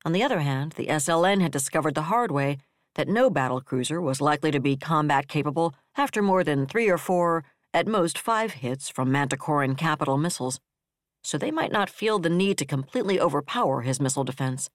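Audiobook narrator reading sci-fi, steady and even, super dry close sound. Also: mid-range voice, brisk, no echo.

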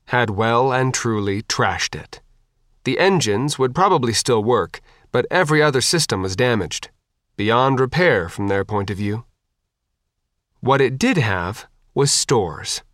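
A man reading an audiobook in a steady, measured voice at an ordinary male pitch. The recording is dry and close, with no room sound. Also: no echo. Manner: even, measured storytelling. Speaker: audiobook narrator. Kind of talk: audiobook narration.

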